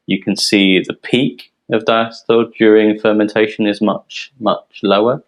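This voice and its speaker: A man from a yeast company presenting technical details in a relaxed, explanatory way, with frequent ums. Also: on the low side, unhurried, low-quality recording. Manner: explanatory, filler-heavy, relaxed.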